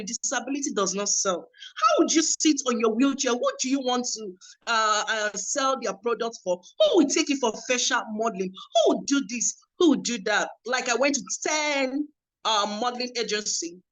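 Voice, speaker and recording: Young woman, conference testimony, emotive storyteller, slightly high pitch. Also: animated, moderate pace, fairly bright tone, rough recording. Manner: emotive storytelling with reported dialogue. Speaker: conference speaker. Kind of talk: personal testimony talk.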